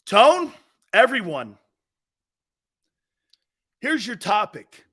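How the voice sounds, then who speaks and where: Loud joking east coast guy running a sports show, voice bounces up and down a lot, pretty high. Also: big pitch swings, a little slow. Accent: East Coast American. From Northeastern United States. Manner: brash, loud, joking, swears freely. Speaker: sports talk show host. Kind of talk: casual live show banter.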